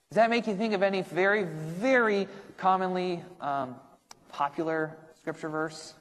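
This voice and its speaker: A man's voice: sits high, moderate pace, fairly bright tone. Man teaching Bible study, reverberant room. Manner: conversational, checks in with frequent "right?"; thinks aloud with restarts and asides. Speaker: pastor.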